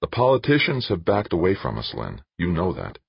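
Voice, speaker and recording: Narrator doing a weary, gruff boss, deep husky voice, dull lo-fi sound. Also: male voice, wildly swooping pitch, brisk, no room sound, exaggerated voice. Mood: skeptical. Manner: gruff, doubtful. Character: skeptical weary male company boss. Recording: dull lo-fi dry recording.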